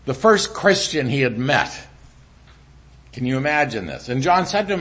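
A middle-aged man preaching a sermon in an animated way, dropping to a hushed voice when he speaks as God. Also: medium pitch, normal speed. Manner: animated preaching, drops to a quiet voice for God's lines. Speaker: pastor.

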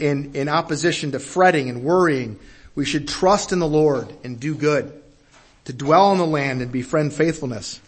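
A man's voice: on the high side, husky. A man preaching a sermon in an earnest way, repeating his phrases and building to emphatic peaks.

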